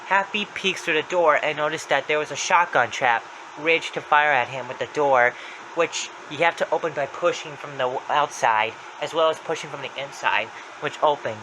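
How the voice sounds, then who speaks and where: A man's voice: a little high, moderate pace, background noise. Young man recapping a creepy story. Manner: plain running recap with small slips. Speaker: narrator. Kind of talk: casual retelling of a creepypasta.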